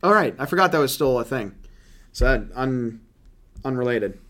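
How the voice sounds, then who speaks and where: A man hosting a casual movie-review chat, animated and profane, often laughing as he talks. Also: medium pitch, moderate pace. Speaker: podcast host.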